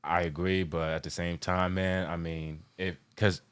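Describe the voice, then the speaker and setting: A man from New York hosting a casual sports chat, passionate and rambling, often getting loud and worked up. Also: low-pitched, flat delivery, unhurried, clear, resonant tone. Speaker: show host.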